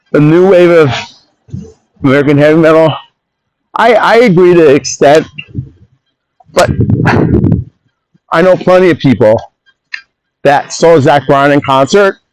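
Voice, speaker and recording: A man rambling through a solo podcast, recorded on his phone. His voice sits a little high, and he drifts between topics with opinionated rants. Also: unhurried, long pauses, clear, resonant tone, dry recording, poor audio. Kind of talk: casual rambling monologue.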